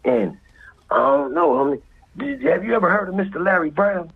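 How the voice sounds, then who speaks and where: A guest storyteller with a Los Angeles accent spins a very animated street tale at a moderate pace in an extremely raspy, breathy, husky voice. His pitch swings widely as he acts out voices and sound effects and drops to whispers. The audio is thin and tinny, like a phone line.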